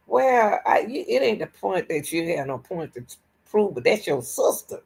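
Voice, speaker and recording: A woman hosting a reaction commentary vlog who talks straight to her viewers, repeats herself when worked up and drops from emphatic bursts to low muttering. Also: normal speed, creaky, breathy edge, low-quality recording. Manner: animated and exasperated, addresses viewers as y'all, restarts and repeats herself. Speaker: reaction channel host.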